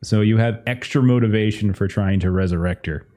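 A man's voice: fairly low pitch, a little fast, warm tone. A man narrating as game master of a tabletop game, casual, with many fillers and restarts.

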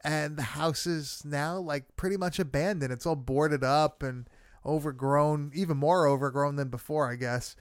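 A man's voice: on the high side, steady tone, normal speed, smooth, no echo, clean studio sound. A man casually recapping a horror film with friends, swearing often and leaning on fillers. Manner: loose, swearing, many fillers.

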